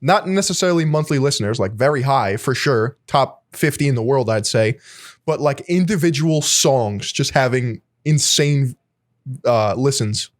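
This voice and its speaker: A man's voice: medium pitch, animated, normal speed. A man co-hosting a podcast in a casual chat, laid-back and rambling, with lots of fillers and swearing. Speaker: podcast co-host.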